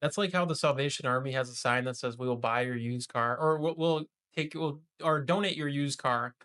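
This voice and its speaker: A man's voice: mid-range voice, brisk, a bit bright, clear, resonant tone. A young man co-hosting a podcast, chatty and swearing casually while telling anecdotes. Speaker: podcast co-host. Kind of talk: casual chat.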